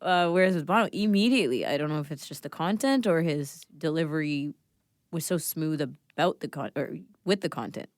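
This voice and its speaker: A woman co-hosting a podcast discussion, animated and playful, acting out her reactions. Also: deep voice, a little fast, dry recording, clean studio sound. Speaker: podcast co-host. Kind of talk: casual panel discussion.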